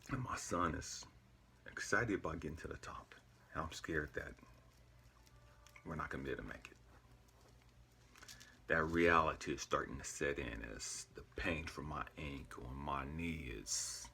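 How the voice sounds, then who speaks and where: Deep gravelly man telling a story. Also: normal speed, long pauses, slight background noise. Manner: hushed, often dropping to a whisper; earnest and emotional. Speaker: father telling his own story. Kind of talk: personal storytelling.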